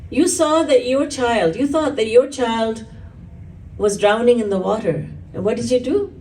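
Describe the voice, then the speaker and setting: A woman's voice: fairly high pitch, unhurried, a little mellow, recorded from a distance, natural voice, rough recording. A woman voicing a clever male royal minister who explains himself with deference. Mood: courteous.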